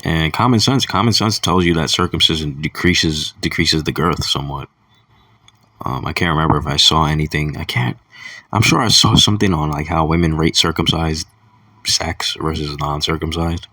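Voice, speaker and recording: A man's voice: rumbling low, moderate pace, sharp tone, dry recording, distant mic. A young man talking in a crude, rambling casual monologue, chuckling between thoughts. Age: young adult. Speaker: vlogger.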